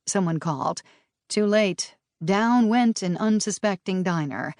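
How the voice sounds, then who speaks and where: A woman narrating an audiobook in a brisk, lively storytelling manner. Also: medium pitch, no echo, clean studio sound.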